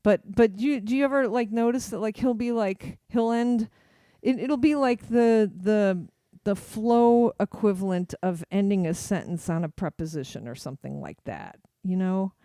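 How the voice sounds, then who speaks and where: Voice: medium pitch, normal speed, dark tone, dry recording. A radio show host in a casual studio chat, rambling with many fillers and restarts, and now and then acting out quoted voices.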